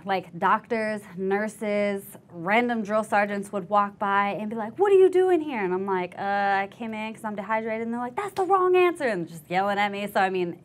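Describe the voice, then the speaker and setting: A young woman veteran telling her story in an oral history interview, candid and animated, acting out the voices of others. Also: mid-range voice. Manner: candid storytelling, acts out quoted voices, laughs easily.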